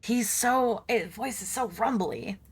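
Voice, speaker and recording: A woman's voice: on the high side, slow, husky. A woman streamer chatting casually, laughing often and swearing, as she reads game text aloud.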